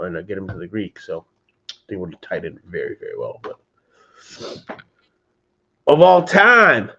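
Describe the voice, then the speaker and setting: A man's voice: fairly low pitch, a little mellow, breathy edge. A man hosting a casual livestream, chatting loosely with viewers from home and calling them by name. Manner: loose and chatty, addresses chat by name, says "dude". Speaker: livestream host. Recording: slightly dull lo-fi stream audio.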